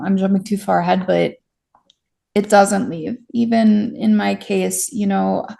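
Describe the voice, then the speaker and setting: A woman's voice: medium pitch, gravelly, darkish tone. A young woman being interviewed, recounting her experience frankly, with self-deprecating humor and many restarts. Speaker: interview guest, stalking survivor. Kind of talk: candid conversational storytelling.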